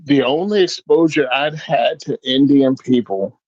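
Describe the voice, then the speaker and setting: A man from Virginia, a guest telling stories in a casual chat, animated and quick to jump into voices. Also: mid-range voice, no echo. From Virginia, US South. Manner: animated, jumps into funny voices. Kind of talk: casual storytelling. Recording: dull, dry sound.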